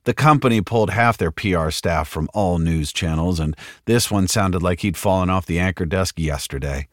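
A man's voice: very deep voice, dry recording. A man narrating an audiobook in a dry, sardonic delivery. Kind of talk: scripted narration.

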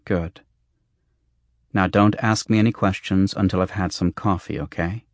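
A man's voice: deep voice, fairly even intonation, normal speed, no room sound, clean studio sound. A man reading the part of a curt, tough woman who gives orders. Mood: firm and curt. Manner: curt, firm. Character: brisk, hard-bitten woman taking charge.

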